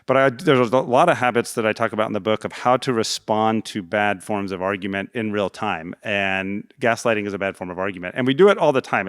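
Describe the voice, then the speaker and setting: A man's voice: fairly low pitch, a bit bright, smooth, no echo, studio quality. A middle-aged man who wrote a book, speaking as a guest in an onstage fireside chat at a conference. He explains things earnestly and uses examples. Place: conference stage.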